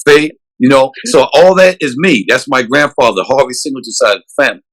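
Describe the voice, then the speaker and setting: Earnest police chief. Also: male voice, medium pitch, a little fast, fairly bright tone, poor audio. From South Carolina, USA. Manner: earnest and emphatic, with frequent restarts. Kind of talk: interview answers.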